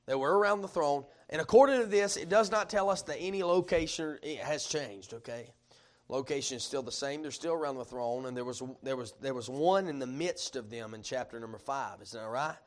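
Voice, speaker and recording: A man preaching a sermon, reading scripture slowly and stopping to ask the congregation questions in conversational asides. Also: mid-range voice. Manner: reads scripture slowly and deliberately.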